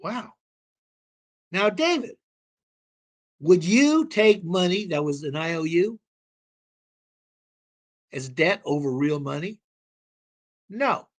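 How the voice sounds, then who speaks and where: A man's voice: high voice, sing-song, takes it slowly, pauses often. A man talking as a call-in show guest, explaining at length in an emphatic, rambling way and swearing now and then. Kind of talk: casual explanatory talk.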